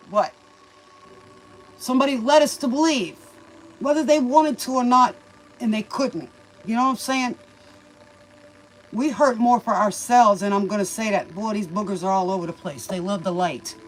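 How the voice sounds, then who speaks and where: A woman's voice: mid-range voice, low-quality recording. A woman hosting a tarot reading stream, giving folksy, preachy life advice in a casual manner and calling the listener baby. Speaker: tarot reader and livestream host.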